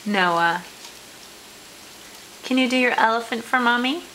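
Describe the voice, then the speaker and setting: A mother talking to her toddler in a home video at mealtime, coaxing him slowly and praising him often, recorded on a handheld camera. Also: a little high, pushed and bright, slight background noise, rough recording. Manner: coaxing, slow and encouraging, with repeated praise.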